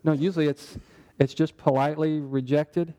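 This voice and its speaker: A man with a mellow, relaxed, slightly high voice leads a Bible study in an easy, conversational style. He keeps checking in with the group through quick questions, making it feel like an interactive, casual teaching session rather than a formal sermon.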